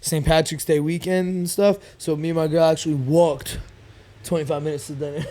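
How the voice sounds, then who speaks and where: Animated, profane young man telling a story. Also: on the high side, brisk. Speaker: podcast guest, fighter. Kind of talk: casual storytelling chat.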